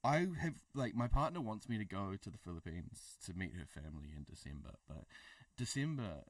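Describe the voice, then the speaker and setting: A New Zealand man chats on a livestream in a lowish voice, rambling and full of fillers. He sounds a little way off the mic, in a dry room. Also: sing-song, fairly quick, no room sound, distant mic. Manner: joking, rambling, lots of fillers. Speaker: co-host of a livestream. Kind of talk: casual chat.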